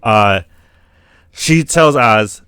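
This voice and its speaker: A man co-hosting a podcast, retelling a TV episode in a casual, animated way and acting out the characters' lines with plenty of swearing. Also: mid-range voice, extremely slow, clear, resonant tone, no room sound, studio quality. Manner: animated retelling, acts out quotes, swears a lot. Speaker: podcast co-host. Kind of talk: casual chat recapping a TV episode.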